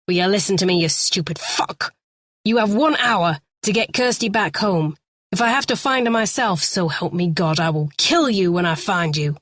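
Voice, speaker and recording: A woman's voice: fairly low pitch, lively intonation, moderate pace, a bit bright, dry recording, clean studio sound. A woman voicing a menacing middle-aged father who threatens a kidnapper with hard, level words. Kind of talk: audiobook character voice.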